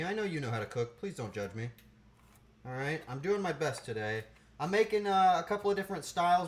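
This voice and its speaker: A man cooking on a live stream, chatting playfully and answering his chat as he goes. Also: medium pitch. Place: home kitchen. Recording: roomy kitchen with faint noise.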